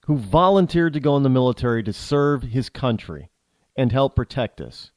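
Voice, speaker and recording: A man's voice: medium pitch, very animated, normal speed, a little mellow, no echo. A middle-aged man hosting a talk show, telling an opinionated story bluntly, with frequent restarts. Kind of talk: storytelling monologue.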